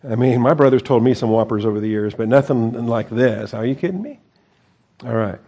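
A man's voice: mid-range voice, steady tone, brisk, warm tone. A man reading a Bible passage aloud and breaking off into conversational commentary with wry asides. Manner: reads scripture aloud then comments, wry asides and self-corrections. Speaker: Bible teacher.

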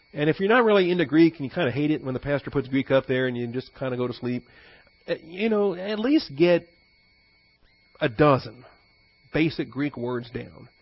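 A man's voice: mid-range voice, no echo, lo-fi sound. A man, a pastor, giving a conversational teaching sermon with frequent fillers and asides.

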